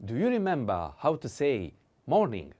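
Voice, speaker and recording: Male language tutor, animated intonation, patient repeat-after-me delivery. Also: medium pitch, very noisy. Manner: slow and careful, with hesitant fillers. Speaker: Italian language teacher. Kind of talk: vocabulary lesson with repetition drills.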